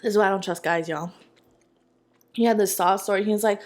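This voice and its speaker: A young woman tells a story in a casual eating vlog. She talks in an animated, sassy and slangy way, with a voice in the middle of the usual pitch. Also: a little fast, long pauses. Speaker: mukbang vlogger.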